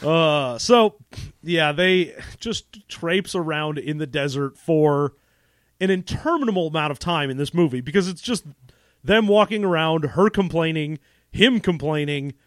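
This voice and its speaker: A man's voice: fairly high pitch, lively intonation, a little slow, no room sound, studio quality. A man co-hosting a casual podcast, commenting on a movie with wry exasperation and casual swearing. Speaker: podcast co-host.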